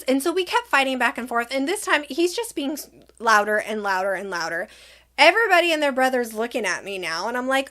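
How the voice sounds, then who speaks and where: Animated middle-aged woman telling a story. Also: on the high side. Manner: animated, acts out both sides of the argument in quick reported dialogue. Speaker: vlogger telling a personal story. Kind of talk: casual storytime.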